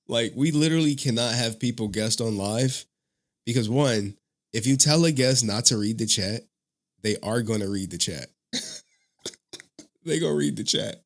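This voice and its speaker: A man hosting a casual live stream who talks to his chat in a loose, rambling way and laughs often. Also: medium pitch. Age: adult father of a young child.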